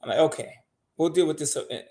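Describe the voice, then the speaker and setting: A man's voice: on the high side, brisk, mellow. An older man, a show regular, giving blunt money advice in casual podcast talk and swearing freely.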